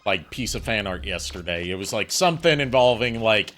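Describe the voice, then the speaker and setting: A man's voice: fairly low pitch, animated, brisk, fairly bright tone, soft background music. A man hosting a game stream, chatting casually with friends in a rambling way full of fillers. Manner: rambling, many fillers and restarts. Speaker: streamer and host.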